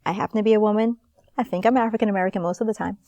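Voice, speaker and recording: A woman in her thirties, an actress guest in an interview, telling stories in a lively, animated way. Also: mid-range voice, rapid-fire, no room sound, lo-fi sound. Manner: lively, animated storyteller, laughs often. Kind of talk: casual storytelling in an interview.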